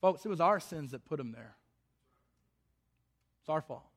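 High-voiced impassioned male preacher. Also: animated, unhurried. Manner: impassioned, repetitive, with frequent restarts. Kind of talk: sermon.

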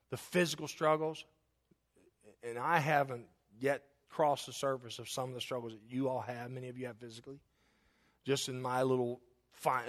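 A man preaching a sermon as pastor, with an emphatic, repetitive cadence and earnest, personal asides to the congregation. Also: medium pitch. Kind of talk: sermon with altar call.

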